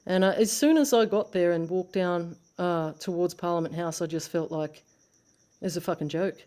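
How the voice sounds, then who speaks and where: A woman's voice: lowish voice, normal speed, mellow. An Australian woman in casual conversation, telling a blunt, sweary story and acting out what people said. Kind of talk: casual chat.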